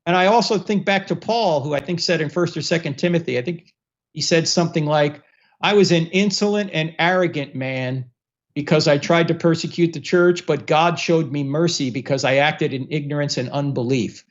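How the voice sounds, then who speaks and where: A man hosting a casual livestream Q&A with callers, relaxed and joking, often repeating words as he goes. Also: on the high side, moderate pace, dull audio. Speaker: host.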